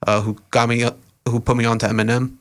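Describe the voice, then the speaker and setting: A young man, a podcast guest, telling stories in a relaxed, rambling way with lots of fillers. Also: mid-range voice, fast talker. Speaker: podcast guest, event organizer and rapper. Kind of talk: casual interview storytelling.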